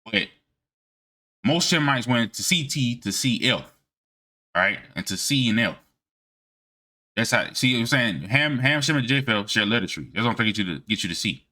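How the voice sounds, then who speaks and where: This time the lecturer's voice is mid-range, animated, and bright with a forceful edge, moving at normal speed with frequent pauses. He works from notes on religious history, staying informal and emphatic and constantly asking his audience "all right?"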